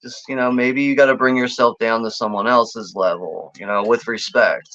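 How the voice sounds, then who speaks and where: A man's voice: medium pitch, fairly even intonation, moderate pace, fairly bright tone, no room sound. Laid-back man, chuckling casual co-host. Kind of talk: casual chat. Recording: dull lo-fi dry sound.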